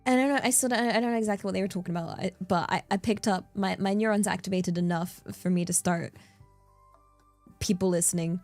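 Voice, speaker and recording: A woman's voice: mid-range voice, quick pace, faint music behind. Rambling playful woman streamer. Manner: rambling and playful, with fillers and bursts of excitement. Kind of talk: casual livestream chat. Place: in Japan.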